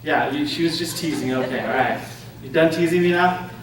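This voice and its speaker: Guy giving a talk at a conference, kinda high voice, keeps saying right? okay?, echoey room, mic far off. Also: fairly quick. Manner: frequent "right?" and "okay?" checks, anecdotal. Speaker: conference speaker. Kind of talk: interactive lecture to an audience. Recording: echoey room, distant mic, faint noise.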